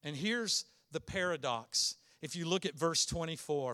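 High, bright-voiced man preaching a sermon. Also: animated. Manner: earnest, emphatic preaching with many rhetorical questions; slows down to stress key words. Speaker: pastor.

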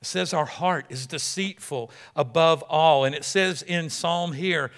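A man preaching a sermon, acting out whispered voices and dialogue between loud, emphatic passages. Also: on the high side, unhurried, hardly any pauses. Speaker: pastor.

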